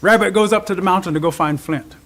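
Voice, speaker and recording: High-voiced, animated male storyteller. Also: fast talker. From Cherokee Nation. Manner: animated, expressive. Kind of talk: oral storytelling.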